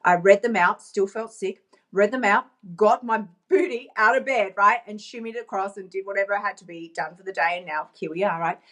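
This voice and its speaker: A woman coach giving a bubbly, playful and emphatic motivational vlog, talking into her phone. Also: mid-range voice.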